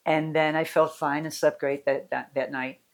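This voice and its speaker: A woman's voice: deep voice, little pitch movement, normal speed. Middle-aged female coach, casual and candid, meandering personal talk. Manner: candid, rambling, with restarts and soft laughs. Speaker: mental fitness coach.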